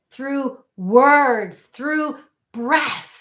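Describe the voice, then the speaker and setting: A woman life coach gives an earnest live online coaching talk, often calling out questions to her audience. Her voice is a little high and a bit bright, with lively intonation and a slightly slow pace.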